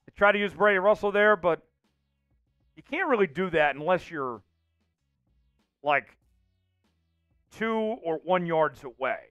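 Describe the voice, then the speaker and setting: Guy calling a sim football game on stream, high smooth voice, kinda slow, shouting out chat names. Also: muffled recording, faint music behind. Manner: excitable, shouts out chat names and hypes touchdowns. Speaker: host calling a simulated game for a livestream. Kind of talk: live play-by-play commentary.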